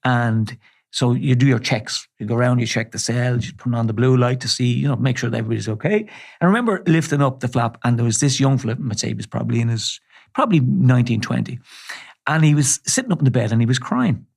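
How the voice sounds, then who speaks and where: A middle-aged Irish man being interviewed, his voice sitting at an ordinary middle pitch. He tells a story in a measured, earnest way, often stopping to restart a sentence. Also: lively intonation, vocal fry, a little mellow. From Ireland. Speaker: charity chief executive, interview guest.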